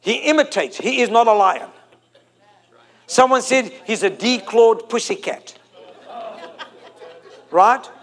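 A man's voice: very high-pitched, animated, takes it slowly, pauses often. A man, preaching a sermon to a congregation, emphatic and fond of repeating and stretching key phrases. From South Africa.

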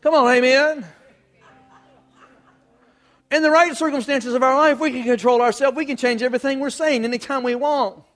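A man's voice: very high voice, fairly even intonation, normal speed, pauses often, a bit bright. A man preaching a folksy sermon, acting out little scenes in different voices.

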